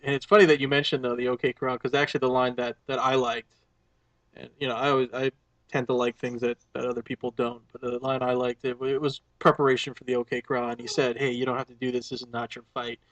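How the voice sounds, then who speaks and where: A man's voice: medium pitch, flat delivery, fast talker, fairly bright tone, dry recording, highs cut off. A man co-hosting a podcast, talking things through thoughtfully with careful hedges and restarts. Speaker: podcast co-host. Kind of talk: casual movie review chat.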